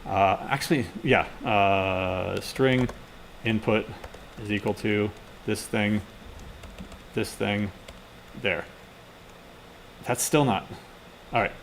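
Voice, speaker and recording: A man's voice: fairly low pitch, steady tone, slow pace, vocal fry, pauses often, slight background noise. A man teaching a class, talking through live coding and muttering to himself as he types. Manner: casual, mutters to himself while typing. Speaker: instructor.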